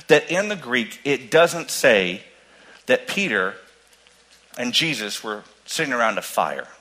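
Male pastor, mid-range pitch, bright tone; animated sermon storytelling with loud and hushed swings. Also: low-quality recording.

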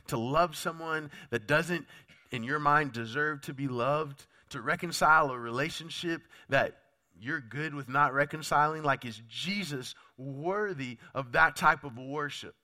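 Sick-sounding pastor, bright voice. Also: male voice, on the high side. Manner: conversational, direct questions to the congregation. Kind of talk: sermon.

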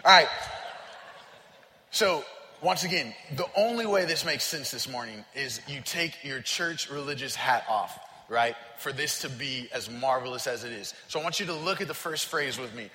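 A male pastor preaching a sermon in a church, questioning the congregation and building to emphatic, near-shouted refrains. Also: on the high side. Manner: asks the congregation questions and waits for answers. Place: church sanctuary. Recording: long reverb of a large hall.

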